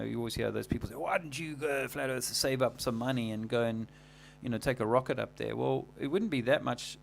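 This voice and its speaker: A man hosting a livestream, talking casually in a rambling, halting way full of fillers and restarts. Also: mid-range voice, gravelly, a little hiss or hum. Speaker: livestream host.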